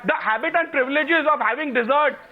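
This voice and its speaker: An indignant man with an Indian English accent argues as a politician guest on a televised debate, insistent and repeating himself. His very high voice comes through a dull, lo-fi remote feed. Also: fast talker.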